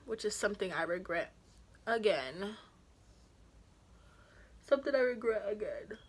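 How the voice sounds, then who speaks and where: A woman's voice: mid-range voice, measured pace, slightly rough. Slangy young woman telling a story. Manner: animated, reenacts dialogue with slang. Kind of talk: casual story-time vlog.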